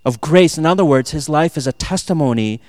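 A man preaches a sermon in a high, smooth voice. He moves between forceful emphasis and quiet, hushed asides, acting out the lines he quotes. The room sounds dry. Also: lively intonation, fairly quick, no room sound. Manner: swings from loud emphatic preaching to soft near-whispered asides; quotes and acts out lines, laughs at himself. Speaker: pastor.

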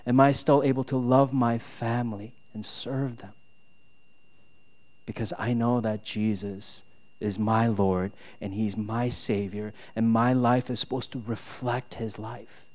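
A man's voice: mid-range voice, fairly even intonation, a little slow, a little mellow. A man preaching a sermon, telling a personal story with lots of "right?" and building to exasperated outbursts. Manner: frequent fillers and tag "right?". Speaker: pastor.

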